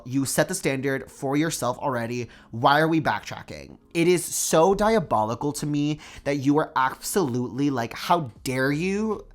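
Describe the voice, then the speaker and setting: A doll collector vlogger giving an emphatic, dramatic opinion rant to camera, repeating words for effect and using "like" often. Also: medium pitch. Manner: emphatic, dramatic repetition, frequent "like".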